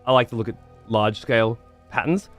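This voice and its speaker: A man's voice: mid-range voice, a little fast, faint music behind. A man livestreaming, chatting to viewers in a rambling, profane way and repeating words as he thinks. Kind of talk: casual chat to stream viewers.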